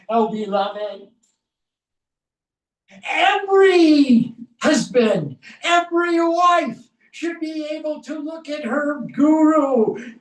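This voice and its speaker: A woman teaching a scripture class, speaking emphatically and explaining Sanskrit verses phrase by phrase. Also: high-pitched. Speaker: spiritual teacher. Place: temple hall. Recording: echoey room, voice from far off.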